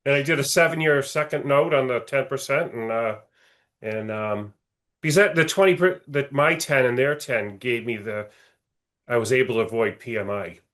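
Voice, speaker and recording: Man, average pitch, conversational guest, loose and easygoing delivery. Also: moderate pace, fairly bright tone. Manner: conversational, many fillers and restarts. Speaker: guest investor. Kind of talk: casual chat on a video call. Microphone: video call.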